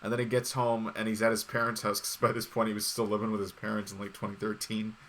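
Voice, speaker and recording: A man's voice: fairly low pitch, completely flat delivery, fast, a bit bright, slight background noise. A man hosting a casual chat, rambling and swearing, with lots of fillers and restarts. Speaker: podcast host.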